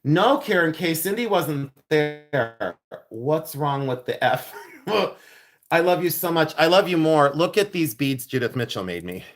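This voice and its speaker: Hosting a livestream from his jewelry studio, a silversmith chats warmly and casually with viewers, laughing often and offering thanks. He speaks unhurriedly in a slightly high voice with lively intonation.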